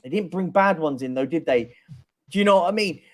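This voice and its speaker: A man with a fairly high voice chats as a panelist on a casual stream. He rambles along conversationally, leaning on tag questions as he makes his points. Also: a little fast. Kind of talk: casual live-stream football chat.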